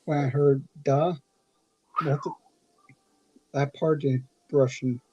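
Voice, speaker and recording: Brief: low-key man, husky tone, dry close sound, short factual comments. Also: fairly even intonation, slow, dark tone, no echo, lo-fi sound. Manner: brief, matter-of-fact remarks. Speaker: watch-along co-host. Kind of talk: casual chat over a movie.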